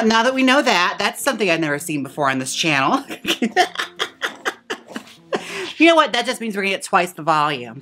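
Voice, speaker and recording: A man's voice: fairly high pitch, bright, forceful tone. A man hosting a wig-styling video in a playful, campy, chatty way. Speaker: wig stylist and channel host. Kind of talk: casual tutorial chat.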